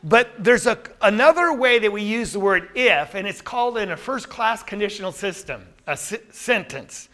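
A man's voice: high-pitched, expressive, normal speed, few pauses, bright, forceful tone. A man teaching a Bible study class, reading scripture aloud and asking the group questions.

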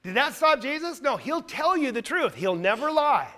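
Emphatic high-voiced male preacher. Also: sing-song, moderate pace. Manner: emphatic, asks rhetorical questions; swings between loud stress and quiet asides. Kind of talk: sermon.

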